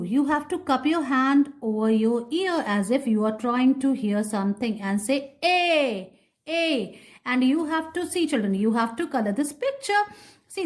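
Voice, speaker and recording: Woman, kindergarten teacher; high, unhurried, patient repetition of letter sounds. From India. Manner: sounds out letters slowly, repeats words, addresses children. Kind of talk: slow, sing-song phonics lesson for young children.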